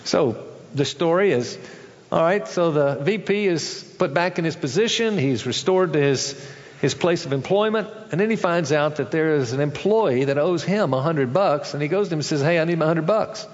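A man's voice: lively intonation, moderate pace, in a large hall, muffled recording. A male pastor preaching a sermon, acting out the people in a parable with changes of voice. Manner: acts out characters in a story, shifting pitch for each.

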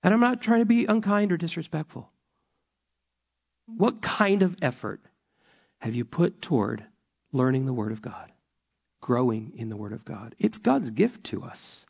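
Pastor, male, fairly high voice, impassioned sermon delivery dropping to near-whispers, muffled recording. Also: very animated, measured pace, creaky, long pauses, husky. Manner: emotional, swings from loud emphasis to hushed whispers.

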